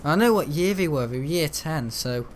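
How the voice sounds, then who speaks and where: A man's voice: a little high, expressive, a little fast, a little hiss or hum. A young man, chatting casually and telling school stories while gaming. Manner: chatty, storytelling, mimics the people he talks about. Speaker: gaming channel host. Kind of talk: casual rambling chat over gameplay.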